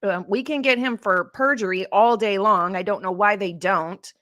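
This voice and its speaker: Woman, livestream host, rambling casual chat, mid pitch, dry close sound. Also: moderate pace, fairly bright tone, no room sound. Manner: rambling, chatty, answers live chat comments. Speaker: true crime livestream host. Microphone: streaming setup.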